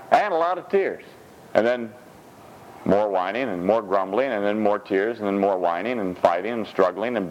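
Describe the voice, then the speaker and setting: Pastor guy preaching, pitch all over the place, kinda muffled lo-fi audio. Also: slight background noise. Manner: animated, jokey preaching with swings of pitch. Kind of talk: sermon.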